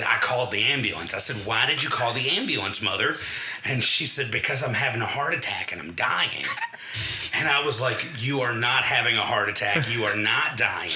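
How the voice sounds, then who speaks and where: A man's voice: mid-range voice, a little hiss or hum. A man casually telling a funny story on a podcast, acting out the lines of people in it. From Kentucky. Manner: animated storyteller, acts out quoted dialogue. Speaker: podcast co-host. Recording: echoey room.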